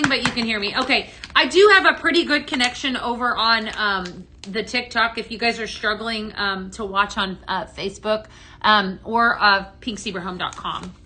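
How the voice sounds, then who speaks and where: Woman doing a live shopping stream, bright voice, chatty and ummy, echoey room, faint clicks in back. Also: medium pitch, a little hiss or hum. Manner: chatty, answers viewer comments, frequent ums. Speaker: live-stream product host. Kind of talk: live sales demo chat.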